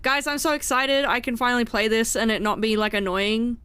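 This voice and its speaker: A woman live streamer chatting casually with viewers, excitable and giggly, with the hiccups. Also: a little high, brisk, clean tone, no room sound. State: has the hiccups.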